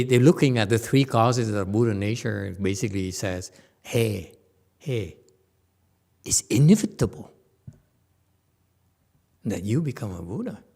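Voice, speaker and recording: A man giving a casual Buddhist dharma lecture as teacher, animated and joking, repeating words and mimicking voices. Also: medium pitch, gravelly. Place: temple lecture hall.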